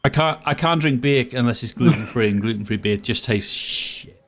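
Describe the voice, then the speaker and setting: Brief: male host from the UK, easygoing chat reader, mid pitch. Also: normal speed. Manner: relaxed, reads the chat aloud. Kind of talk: casual livestream chat.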